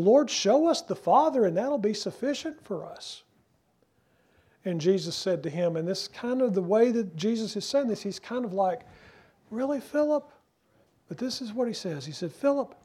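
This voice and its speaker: A man preaching a sermon as pastor, earnest and emphatic, asking rhetorical questions and slowing down to stress key phrases. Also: sits high, mellow, husky.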